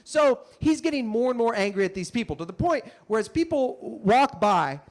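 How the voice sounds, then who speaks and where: A man telling a comic story on stage in an animated, punchy way, with frequent asides to the audience. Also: extremely high pitch, moderate pace. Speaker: comedian and storyteller. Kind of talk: stand-up storytelling.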